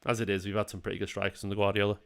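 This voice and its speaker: A man's voice: fairly low pitch, monotone, very fast, creaky. A man in his thirties hosting a live football watchalong, chatting casually, reacting to the match and answering chat messages while tired and yawning. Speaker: fan channel host.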